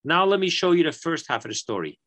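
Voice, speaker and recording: A man's voice: on the high side, sing-song, fast talker, a bit bright. A man voicing God who patiently explains to a prophet.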